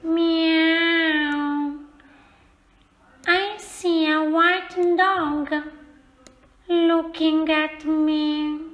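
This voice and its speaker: A woman's voice: sits high, level tone, drawn-out words, roomy sound, highs cut off. A woman playfully voicing animals in a read-aloud children's story, adding animal noises.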